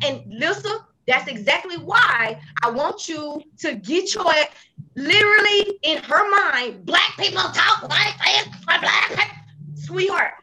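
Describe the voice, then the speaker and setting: A woman's voice: sits high, low-quality recording. A woman in her thirties, a talk show host, chatting casually and telling stories with heavy profanity. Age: 30s. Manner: animated storytelling, heavy profanity, acts out quoted people. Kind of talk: casual chat.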